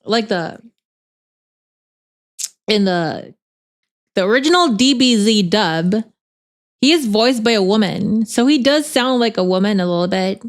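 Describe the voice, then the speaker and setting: A woman's voice: medium pitch, lively intonation, measured pace, pauses often. A woman streamer in casual chat, rambling and chatty, laughing often with lots of filler words.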